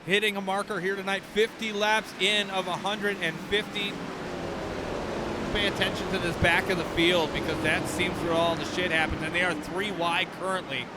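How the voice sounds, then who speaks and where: A man doing jokey, excitable live commentary on a sim race, swearing now and then. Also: high-pitched, normal speed, very noisy.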